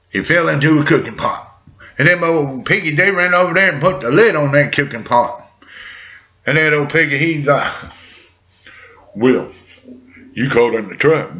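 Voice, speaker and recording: A man's voice: on the high side, creaky, bright, forceful tone, dull audio. A man ad-libbing a bedtime story in a folksy, rambling way full of jokey asides.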